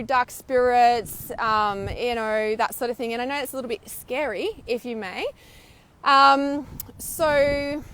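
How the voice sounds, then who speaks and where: Woman with a slightly high voice, intuitive-healer type, teaching to camera in a loose, animated way with casual swearing. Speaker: intuitive healer and spiritual mentor. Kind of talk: spiritual teaching talk to camera. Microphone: filming herself on camera.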